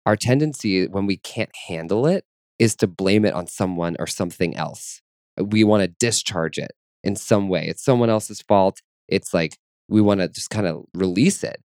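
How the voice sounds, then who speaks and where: A man talking openly about his feelings in a relaxed chat, earnest and searching, with many fillers and restarts. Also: low-pitched, normal speed, no room sound, clean studio sound. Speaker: guest. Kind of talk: reflective personal chat.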